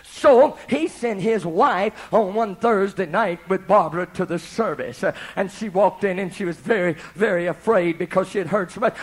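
A male pastor telling a story in a sermon, folksy and animated, moving from hushed asides to shouting. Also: sits high, normal speed, few pauses, a faint crowd.

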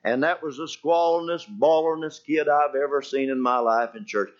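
Older male pastor, folksy storyteller, slightly high voice, lo-fi sermon recording. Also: normal speed. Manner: folksy storytelling, animated with shouted quotes and hallelujahs. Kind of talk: anecdotal sermon. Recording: dull lo-fi church recording.

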